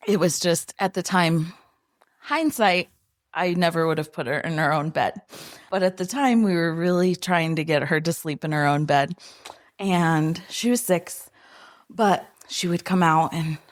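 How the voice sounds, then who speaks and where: A woman guest on a podcast, telling family stories in an unhurried, gentle way with soft laughter between thoughts. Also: lowish voice. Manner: unhurried, often laughing softly while remembering. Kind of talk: casual interview storytelling.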